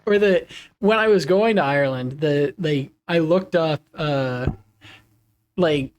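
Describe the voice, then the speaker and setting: A man's voice: fairly high pitch, takes it slowly. A man chatting casually with his viewers on a live game stream, laughing often.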